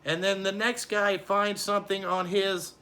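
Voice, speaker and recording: A man's voice: sits high, flat delivery, measured pace, bright, forceful tone. A middle-aged man who runs a trucking company, ranting bluntly and profanely about his drivers in a casual vlog.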